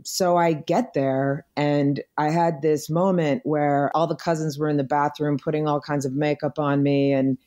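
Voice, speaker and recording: A woman's voice: low-pitched, steady tone, moderate pace, hardly any pauses. A middle-aged American woman in an interview, telling personal stories in a reflective, earnest way. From United States. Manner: reflective storytelling, warm and earnest. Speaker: podcast guest. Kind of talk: conversational interview.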